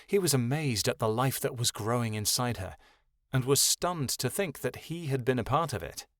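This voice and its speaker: A man narrating a fantasy audiobook in a calm, even storytelling voice. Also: mid-range voice, normal speed, no room sound, studio quality.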